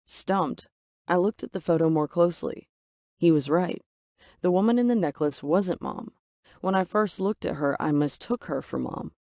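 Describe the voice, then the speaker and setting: A woman narrating a first-person story with dramatic, expressive delivery. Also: lowish voice, moderate pace, no room sound, studio quality.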